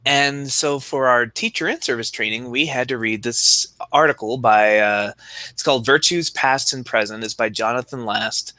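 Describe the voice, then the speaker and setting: A man's voice: mid-range voice, normal speed, pushed and bright, no echo. A young man co-hosting a podcast with dry, wry humor, who also reads passages aloud. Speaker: podcast co-host and teacher. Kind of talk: casual chat, reading aloud.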